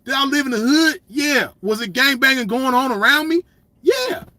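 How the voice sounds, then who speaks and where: A man's voice: very high-pitched, brisk, bright, forceful tone, dry recording. A man in a blunt, profane solo rant, swaggering and repeating himself. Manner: blunt, swaggering, profane, repeats "you know what I mean". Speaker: commentator. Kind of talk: ranting solo monologue.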